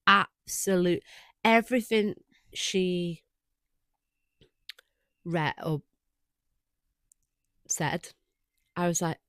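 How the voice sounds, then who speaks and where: Low-voiced woman, earnest chat. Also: fairly bright tone, dry recording. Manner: earnest, reflective, admiring. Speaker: podcast co-host. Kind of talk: casual chat.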